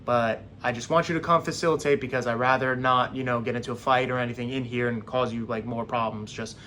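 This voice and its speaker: A young man casually telling a story straight to camera, animated and acting out what others said. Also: mid-range voice, fast talker, a little hiss or hum. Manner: animated, acts out quoted voices.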